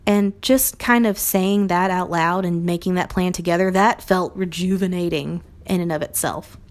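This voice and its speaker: A woman's voice: lowish voice, steady tone, normal speed. A young adult woman, a Montessori teacher, speaks earnestly and reflectively on teaching and acts out short quoted phrases. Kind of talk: recorded talk on teaching.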